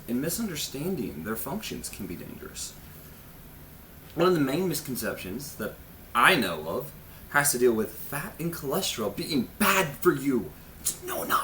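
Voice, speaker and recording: A man hosts a casual health vlog, and his pitch rises and falls a lot as he talks. He is awkward and pokes fun at himself, drifting into jokey asides. A faint room hum sits behind his voice. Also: a bit bright. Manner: awkward and self-mocking. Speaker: host of a health ministry channel.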